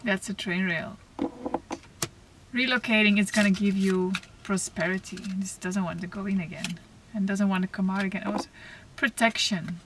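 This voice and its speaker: A woman giving a spiritual oracle card reading to camera, talking softly and reflectively, with pauses and restarts. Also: medium pitch, fairly even intonation. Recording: slightly distant mic, faint noise.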